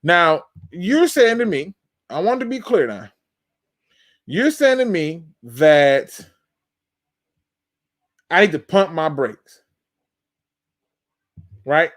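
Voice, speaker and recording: A man's voice: fairly high pitch, big pitch swings, slow, long pauses. A man hosting a live sports talk show, emphatic and fired-up, breaking down game film and talking straight to his audience. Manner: addresses the audience as "y'all". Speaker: host.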